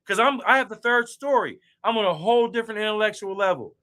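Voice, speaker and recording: Fast-talking and animated, a man with a high, sharp voice holds forth as a guest in a heated online chat. He's boastful and profane, sipping beer as he debates casually.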